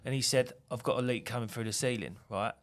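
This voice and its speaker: A man's voice: medium pitch, steady tone, quick pace, fairly bright tone. A man, a tradesman swapping job stories in a casual podcast chat, swearing and laughing as he goes. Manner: swears freely, laughs through his stories.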